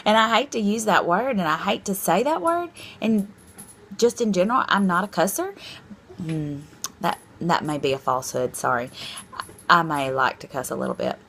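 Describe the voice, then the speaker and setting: A woman's voice: fairly low pitch, expressive, moderate pace, gravelly, a bit bright, a little hiss or hum. A woman in her thirties talking candidly and rambling a little in a casual diet vlog, self-deprecating and frank. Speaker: vlogger.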